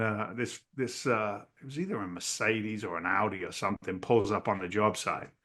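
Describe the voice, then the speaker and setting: A middle-aged man, telling his story as a guest in a podcast interview, acting out the people in it. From New England, US. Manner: animated storyteller who acts out the people in his story, pitch jumping up in quotes. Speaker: guest, real estate investor.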